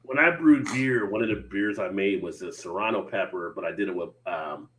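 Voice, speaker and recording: A man's voice: sits low, brisk, fairly bright tone, rough recording. A man from New Jersey hosting a casual beer live stream, joking around and reading out beer news. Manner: laid-back, joking, reads beer news aloud. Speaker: beer show host.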